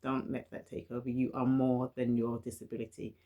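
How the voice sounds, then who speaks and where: With a bass voice and flat, slightly fast delivery, a woman from London speaks to camera in a reflective personal vlog, and the sound is phone quality. She has a London accent, stutters, repeats words and restarts phrases, and remains earnest and encouraging.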